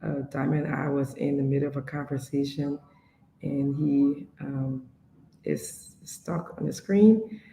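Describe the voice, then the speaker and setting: Hoarse, gravelly woman in an echoey room. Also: extremely low pitch, fairly even intonation, mellow. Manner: halting, full of pauses and restarts. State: hoarse from laryngitis. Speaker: panel guest. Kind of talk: casual talk show chat. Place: room with strong acoustics. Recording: echoey room with faint background noise.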